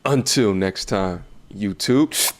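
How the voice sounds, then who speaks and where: Low-voiced man giving a motivational sign-off. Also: slow pace.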